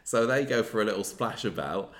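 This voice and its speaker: A man's voice: fairly low pitch, animated, a little fast, fairly bright tone. A man, casually recapping a soap episode as podcast co-host, chatty and rambling with many restarts. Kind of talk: casual chat.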